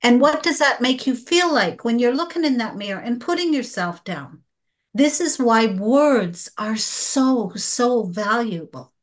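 Woman, podcast guest, slightly high voice, unhurried, heartfelt delivery. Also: lively intonation. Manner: slow, earnest and emotional. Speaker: guest practitioner. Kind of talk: spiritual podcast conversation.

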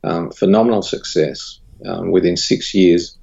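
A man's voice: a little slow, gravelly, husky, dull audio. A man, a studio owner telling a candid story in a casual interview. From Australia. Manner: candid, recounts dialogue with rising animated pitch. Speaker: guest, studio owner and creative director.

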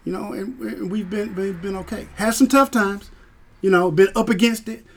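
A man, a veteran guest telling stories in a casual interview, animated and acting out the people he quotes. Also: high-pitched, normal speed. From Georgia, US. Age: 50s. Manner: animated storyteller who acts out quoted voices.

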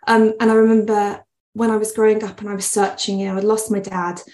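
A woman's voice: medium pitch, little pitch movement, brisk, darkish tone. A woman, talking earnestly as a guest in a podcast interview, rambling and laughing often. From West Midlands, England.

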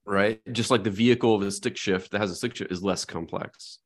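A middle-aged man with a fairly low voice muses aloud in a relaxed podcast conversation. He works through his thoughts carefully, often tagging his points with a questioning "right?" as he goes. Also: a little fast. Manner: thoughtful, reflective, frequent "right?" tag questions. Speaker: podcast co-host. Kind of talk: casual conversational chat.

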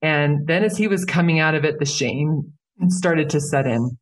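Earnest middle-aged woman guest, animated, emphatic, conversational. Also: deep voice, normal speed. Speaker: podcast guest, parenting expert. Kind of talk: casual conversation.

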